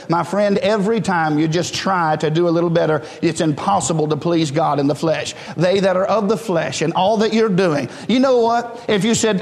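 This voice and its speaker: High-voiced fervent preacher in a hall. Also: male voice, normal speed, few pauses. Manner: fervent, preaching in a rising call-and-response style. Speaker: pastor. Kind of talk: sermon. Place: church sanctuary.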